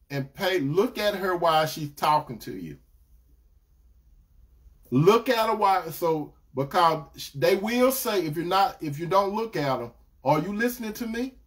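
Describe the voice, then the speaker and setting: A man, giving a preacherly relationship talk and repeating key lines as he addresses brothers and sisters. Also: fairly high pitch. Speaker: relationship teacher. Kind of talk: live-streamed preaching talk.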